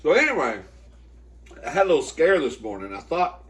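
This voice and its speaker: A comedy mukbang host tells a story to camera in a brisk, very animated, campy and profane way, chatting casually and calling the viewer "girl." When he quotes himself or scolds his dogs, he leaps into loud, high yelps.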